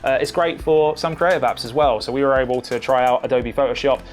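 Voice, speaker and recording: A man giving a relaxed, conversational laptop overview as a tech reviewer, with frequent fillers. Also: medium pitch, quick pace. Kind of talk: casual product overview.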